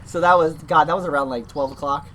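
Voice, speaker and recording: A man's voice: on the high side, fast talker, a little hiss or hum. A young man co-hosting a casual podcast, telling a work story with lots of acted-out quotes and laughter. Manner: animated storyteller, acts out quotes, laughs often. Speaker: podcast co-host.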